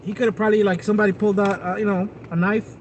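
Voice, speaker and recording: A man's voice: high voice, little pitch movement, very fast, highs cut off, slight background noise. A man chatting casually with his livestream viewers, rambling and talking to them directly, out of doors. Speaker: live streamer.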